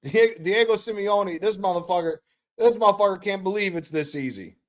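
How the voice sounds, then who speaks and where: A man streaming a live reaction to a football match, excitable and profane, trash-talking the players. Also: high voice, fairly quick. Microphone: streaming mic.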